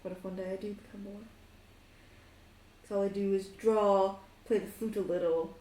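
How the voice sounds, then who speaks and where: A woman playing a big, gentle, soft-spoken male axe-wielder in tabletop role-play, mild and quick to laugh. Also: medium pitch, steady tone, lightly acted. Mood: playful. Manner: mild, laughing, teasing back. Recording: roomy echo.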